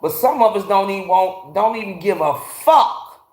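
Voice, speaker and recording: A man hosting a live phone stream from a garage, cursing freely and ranting bluntly while calling out his viewers by name. His voice sits a little on the high side, and the room gives it a hollow, echoey ring. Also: expressive, normal speed. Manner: blunt, profane ranting, greeting chatters by name. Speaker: livestream host. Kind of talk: casual livestream chat with viewers.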